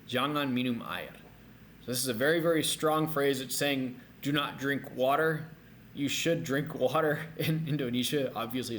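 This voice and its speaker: Middle-aged guy teaching a language, upbeat, says each word slow for you to repeat, bit of faint noise behind. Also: mid-range voice. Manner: energetic, repeats words slowly for learners. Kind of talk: recorded video lesson.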